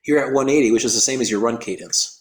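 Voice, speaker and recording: A man's voice: mid-range voice, quick pace. A man from the United States, an endurance athlete, recounting a race in a storytelling interview, often restarting and repeating words as he explains things in a precise, technical way. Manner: repeats words on restarts, acts out quoted voices.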